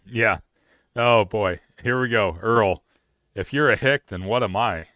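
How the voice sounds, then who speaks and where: Male stream host, rambly and casual; bright, crisp tone. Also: fairly low pitch, a little slow, no room sound, clean studio sound. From Oregon. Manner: rambling, many fillers and restarts. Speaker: livestream host. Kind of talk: casual outdoors chat.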